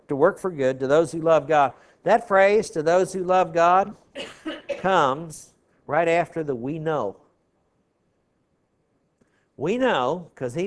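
A man teaching a Bible class verse by verse, explaining word meanings and often checking in with his listeners. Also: a little high. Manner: explanatory, asks the class "okay?" often, clears throat.

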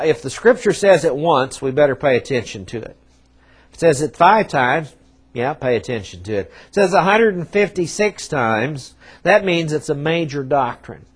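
A man preaching a sermon, emphatic, with dramatic pauses and swings in loudness, acting out quoted prophets in a conversational voice. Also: fairly high pitch. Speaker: pastor.

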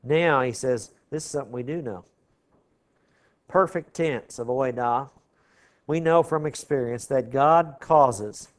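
A man's voice: medium pitch, unhurried. A man teaching a Bible class verse by verse, explaining word meanings and often checking in with his listeners. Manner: explanatory, asks the class "okay?" often, clears throat.

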